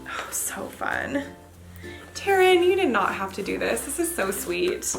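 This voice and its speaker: A young woman chatting casually to camera as a vlogger, gushing and excitable, gasping as she answers questions and opens mail. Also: medium pitch, measured pace, gravelly, soft background music. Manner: gushing, excitable, lots of gasps. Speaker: Disney vlogger.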